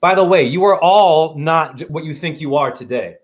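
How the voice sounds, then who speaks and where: A man's voice: fairly high pitch, moderate pace. A man in his forties preaching and ranting to his audience on a phone livestream, combative and swearing, often firing questions at viewers. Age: 40s. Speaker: livestream host. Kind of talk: rambling livestream monologue.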